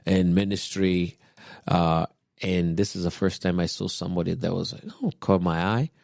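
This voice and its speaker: Man, very low pitch, dry studio sound; relaxed podcast guest who tells stories with frequent chuckles. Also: moderate pace, gravelly, no room sound. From Kenya. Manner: relaxed storyteller, chuckling often, quoting others. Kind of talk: personal storytelling in casual chat.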